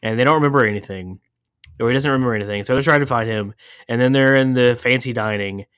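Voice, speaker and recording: A man's voice: medium pitch, quick pace, fairly bright tone, clean tone, dry recording, studio quality. A man casually summarizing a movie plot in a meandering, hesitant way on a comedy podcast. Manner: meandering, hesitant, full of "uh" and restarts. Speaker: podcast co-host.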